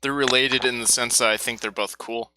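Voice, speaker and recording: A man's voice: mid-range voice, steady tone, fairly quick, bright, forceful tone, slight background noise. A man co-hosting a casual podcast chat, cracking jokes and teasing his friends. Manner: joking, teasing. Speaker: podcast co-host.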